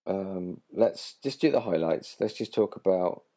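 A podcast co-host with a very low voice chats in a relaxed way and steers the talk. The voice is husky and gravelly, with a warm, dark tone. The pitch swings widely. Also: a little slow. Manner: relaxed, steers the conversation and laughs often. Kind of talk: casual chat.

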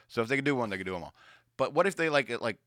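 In a playful, joking mood, a man co-hosting a podcast tells animated stories during casual comedic chat. His voice is mid-range, captured in studio quality with no room sound.

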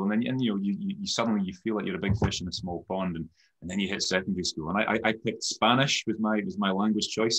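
A middle-aged man, a company head and podcast guest, recounting his school and university years in a thoughtful, halting way full of restarts. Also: on the low side, a bit bright. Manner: thoughtful, halting, many restarts and "you know"s. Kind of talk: reflective conversational storytelling.

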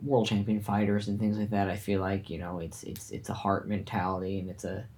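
A man's voice: fairly low pitch, little pitch movement, brisk, darkish tone, slight background noise. A man in casual conversation about martial arts training, earnest and reflective, often restarting his sentences as he thinks. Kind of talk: casual chat.

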